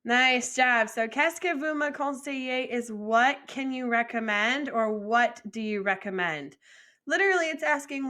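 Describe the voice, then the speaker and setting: A young adult woman teaching French vocabulary in a patient, encouraging lesson, modeling pronunciation slowly and asking learners to repeat. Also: a little high, sharp tone. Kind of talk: slow, deliberate vocabulary lesson with repeat-after-me drills.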